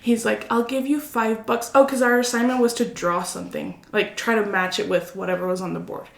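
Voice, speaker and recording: A podcast co-host from Mexico tells lively stories and laughs often. Her voice carries a slight gravelly edge. The room around her rings with a noticeable echo. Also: medium pitch, fairly quick. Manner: animated storyteller, laughs often. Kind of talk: casual chat. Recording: roomy echo.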